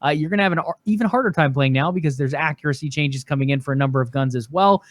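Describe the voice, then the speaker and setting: A man with a slightly high voice walks listeners through gaming news on a podcast. He speaks in a relaxed, conversational way, with casual fillers between points. The recording is dry and close. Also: racing, no room sound. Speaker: podcast co-host.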